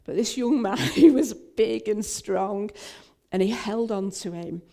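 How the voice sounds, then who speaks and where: A woman's voice: medium pitch, measured pace, vocal fry, dark tone. An older woman minister, telling a personal story in a talk, with frequent fillers and restarts.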